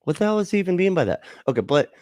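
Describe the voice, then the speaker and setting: A man's voice: sits high, big pitch swings, very fast, a little mellow, no echo. A man hosting a livestream, chatting casually, swearing, laughing and rambling with fillers. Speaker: livestream host.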